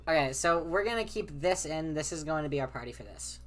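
A woman hosts a casual game session over a voice call. Her voice sits low and she talks in excitable bursts, cursing freely and cutting across her friends. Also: fairly quick, faint music behind. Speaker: host and player. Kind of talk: casual let's-play chat.

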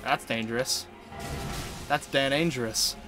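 A man giving casual gameplay commentary in an excitable, exclamatory way, swearing freely. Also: medium pitch, unhurried, over music. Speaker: video game let's-player.

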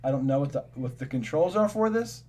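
A man's voice: a little high, lively intonation, brisk, dark tone, a little hiss or hum. A man hosting a casual game stream, rambling and self-deprecating with lots of fillers. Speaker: host. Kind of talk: casual gameplay chat.

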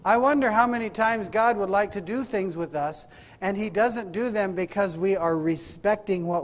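A man's voice: high voice, moderate pace. A man preaching a sermon in a church, asking the congregation rhetorical questions and calling for amens. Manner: rhetorical questions, calls for amen. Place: church sanctuary. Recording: hall reverb.

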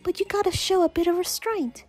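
A woman voicing a cool young female rival trainer in an attempted British accent, reading game dialogue aloud in a calm, apologetic way. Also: very high-pitched, fairly quick, soft background music, voice pushed up.

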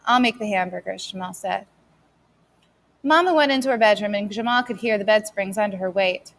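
A woman's voice: mid-range voice, normal speed. A woman steadily narrating a novel as an audiobook reader. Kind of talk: scripted narration.

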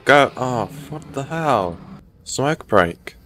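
A man's voice: on the low side, measured pace, fairly bright tone, a little hiss or hum. A man, feeling a bit sick, giving casual, joking let's-play commentary and swearing often. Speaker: gaming YouTuber.

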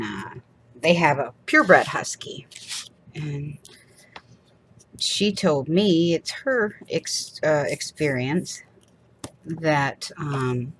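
A woman's voice: sits low, slight background noise. A woman, chatting casually and rambling with laughs while she crafts for her channel. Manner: rambling, chatty, laughs often, acts out little quoted voices.

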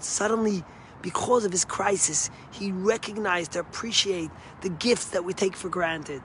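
High-voiced rabbi telling stories earnestly. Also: male voice, moderate pace, slight background noise. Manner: earnest storytelling, drops low and soft for quotes. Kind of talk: short weekly sermon.

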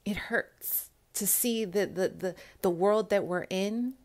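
Young woman vlogger, earnest and emphatic, mid-pitched, speaking straight to her viewers. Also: slow, a little mellow. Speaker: spiritual vlogger. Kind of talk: casual talk to camera.

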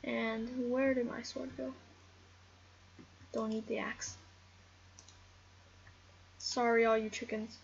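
Woman, gameplay commentary, excitable, chatty, slightly high voice, dull lo-fi mic. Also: slow, creaky, long pauses, slight background noise. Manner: excitable, rambling, talks to game animals. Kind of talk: casual game commentary.

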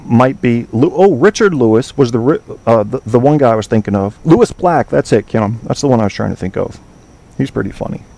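A man's voice: mid-range voice, warm tone. A man hosting an online talk show, chatting casually with listeners, rambling, swearing and trailing off while he hunts for names. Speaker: podcast host.

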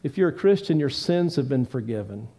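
A man's voice: medium pitch, expressive, a little fast. Earnest male pastor preaching. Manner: earnest preaching with rising emphatic pleas and quieter asides. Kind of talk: sermon. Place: church sanctuary.

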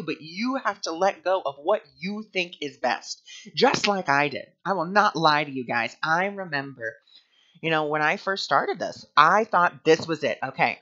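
A man's voice: a little high, sharp tone. A man speaking earnestly and candidly in a spiritual teaching monologue. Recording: dull lo-fi sound.

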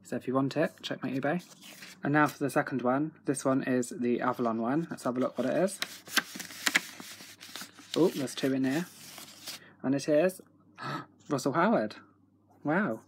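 Excitable, foul-mouthed young man. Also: mid-range voice, moderate pace, pauses often, slight background noise. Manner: excitable, swears freely. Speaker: autograph collector vlogger. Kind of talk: casual video diary.

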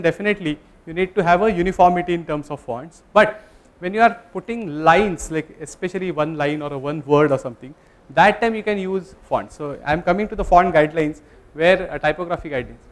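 A man's voice: high voice, a little fast. A man giving a classroom lecture, talking in a conversational way, polling the students and correcting himself mid-sentence. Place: lecture room.

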